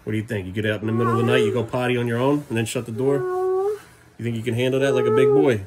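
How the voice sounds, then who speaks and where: Playful dad in a noisy home video. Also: male voice, fairly even intonation, rapid-fire. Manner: playful, sing-song baby talk to the kids, often jumping up high. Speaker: father and vlogger. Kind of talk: casual home vlog talking to his young sons. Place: family home, kids' bedroom.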